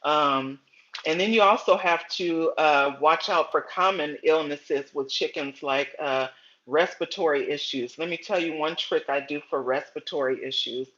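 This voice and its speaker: A middle-aged woman hosting a casual gardening livestream, chatty and storytelling, often pausing to greet viewers by name. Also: sits low, a bit bright, dull audio.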